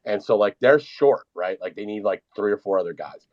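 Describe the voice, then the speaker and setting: A man with a lowish voice spins a meandering, swear-heavy story in casual chat. His audio comes through a dull, lo-fi online stream. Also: lively intonation, brisk. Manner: rambling, profane storytelling. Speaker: podcast co-host.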